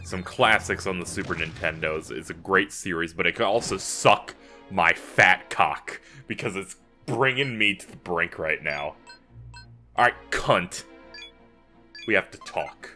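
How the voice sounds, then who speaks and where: A man's voice: low-pitched, unhurried, bright, forceful tone. A man commentating his game playthrough, ranting and swearing in exasperation. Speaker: gaming YouTuber. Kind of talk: let's play commentary. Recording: faint game music behind. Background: game music.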